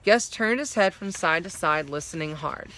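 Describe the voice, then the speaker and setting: A woman reads a story aloud in a bright, forceful voice, pitched a little low. She pauses now and then to explain a word. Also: expressive. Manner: explains hard words while reading. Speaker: story reader.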